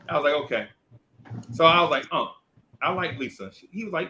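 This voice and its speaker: A man's voice: fairly high pitch, animated, quick pace, pauses often, bright, forceful tone. A middle-aged man telling a comic story, acting out each character's voice. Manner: playful, acts out every character's voice. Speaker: podcast co-host.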